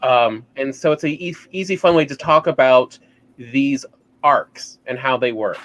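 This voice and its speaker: A guest in a casual group chat who explains ideas thoughtfully. The voice sits mid-pitched. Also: a little slow, fairly bright tone, muffled recording.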